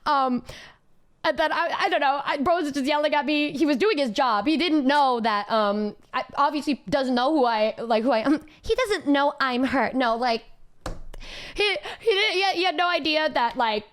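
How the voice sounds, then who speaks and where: High-voiced giggly woman streamer. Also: normal speed, fairly bright tone. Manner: giggly, rambling, full of fillers. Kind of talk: casual storytelling chat.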